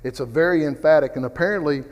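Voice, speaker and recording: A man's voice: a little high, quick pace, in a large hall. A man teaching a conversational Bible study class, rambling through personal stories and asides. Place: church classroom.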